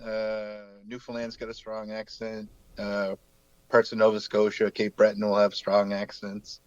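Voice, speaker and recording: A man's voice: fairly low pitch, monotone, unhurried, no room sound, dull audio. A man in his forties from New Brunswick, Canada, with a light local accent, chatting easily and rambling with plenty of fillers as a guest artist. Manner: easygoing, rambling with many fillers. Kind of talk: casual video-call chat.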